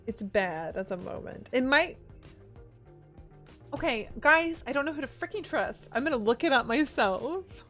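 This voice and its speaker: A woman's voice: sits high, expressive, a little slow, fairly bright tone, soft background music. A woman streaming a video game and chatting casually with her viewers, giggly and teasing. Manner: chatty, giggly, answers chat. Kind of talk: casual live-stream chat.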